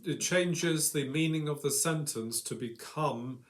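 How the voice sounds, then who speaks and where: A man's voice: fairly high pitch, measured pace. A man co-presenting an English grammar lesson, explaining points and acting out example commands with strong emphasis. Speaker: English teacher.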